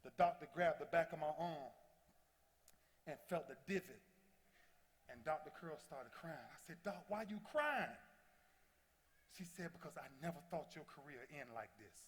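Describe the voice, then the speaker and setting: A man in his thirties giving an impassioned motivational speech, telling stories that swing from loud to hushed. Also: fairly high pitch, normal speed. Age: 30s. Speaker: motivational speaker. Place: large convention hall before a big audience. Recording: long reverb of a large hall.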